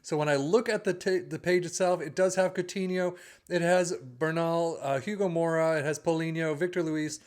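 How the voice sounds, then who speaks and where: A man's voice: fairly high pitch, fairly even intonation, normal speed, clear, resonant tone. A man hosting a casual game review channel, chatty and upbeat as he reads through results and stats. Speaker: video game channel host.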